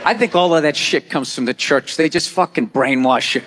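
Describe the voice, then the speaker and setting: A man doing a stand-up rant on a big theater stage, loud, exasperated and profane. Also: on the high side, brisk, a little hiss or hum. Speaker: stand-up comedian. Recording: theater reverb with faint crowd.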